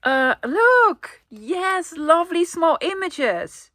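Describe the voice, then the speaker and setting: Showing off thrifted finds to camera, this Dutch-speaking woman from the Netherlands is chatty and coos over each picture. She has a very high, very animated voice with drawn-out words, a sharp tone, and no echo.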